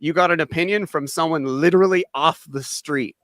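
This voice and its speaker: Blunt, bright-voiced male host. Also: on the high side, brisk, dry recording. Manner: blunt, stammering restarts, swears. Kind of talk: casual panel chat.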